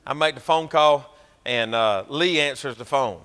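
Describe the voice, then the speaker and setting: A man's voice: mid-range voice, a little slow, bright, forceful tone, clear, resonant tone. A man with a Georgia Southern accent, preaching a sermon as a pastor and telling a story in a folksy, emphatic way. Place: church.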